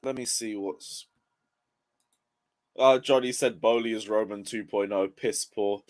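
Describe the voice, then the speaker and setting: A man's voice: lowish voice, expressive, normal speed. A young man ranting on a casual football live stream, just woken up and yawning, swearing in frustration as he reads chat aloud. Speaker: football livestreamer.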